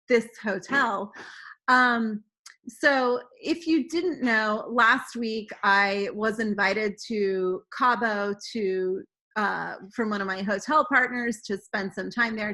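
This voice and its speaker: Slow-talking woman with a bright voice. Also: fairly high pitch. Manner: halting, many "um" and "uh". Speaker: host. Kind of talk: casual travel chat.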